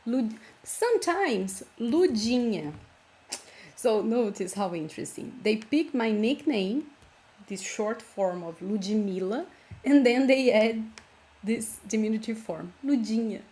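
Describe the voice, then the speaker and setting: A woman's voice: a little high, expressive, a little slow, mellow. A woman with a Brazilian Portuguese accent, a native Portuguese speaker, patiently explaining words step by step in an online language lesson. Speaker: language teacher.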